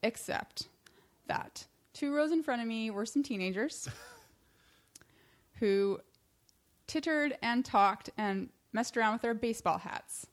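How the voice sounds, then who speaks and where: A woman's voice: on the high side, slow pace, pauses often. A woman co-hosting a podcast, chatting casually and telling a story with frequent laughs. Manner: animated storyteller, laughs often. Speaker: podcast co-host. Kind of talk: casual chat.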